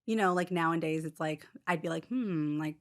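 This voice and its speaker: A woman in her thirties, appearing as a podcast guest, rambles casually through a personal story, using "like" constantly and acting out quotes. Her voice is low-pitched and her speed normal.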